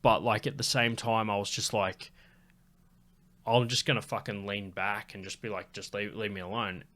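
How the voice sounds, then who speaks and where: A man's voice: lowish voice, fairly even intonation, moderate pace, fairly bright tone. Sweary young guy telling a story. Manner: sweary, laid-back, rambling. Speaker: comedian on a podcast. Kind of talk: casual storytelling.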